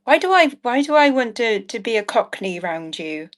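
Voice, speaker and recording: A woman's voice: on the high side, big pitch swings, normal speed. A woman running a live online jewellery auction, chatting in a bubbly, rambling way, with cheeky asides and frequent laughs. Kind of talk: chatty live-stream selling.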